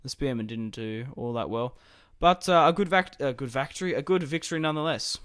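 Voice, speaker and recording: A man's voice: mid-range voice, fairly quick, fairly bright tone, smooth, no room sound, clean studio sound. A man casually commenting on his strategy game as he plays, thinking aloud about his moves. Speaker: gaming YouTuber.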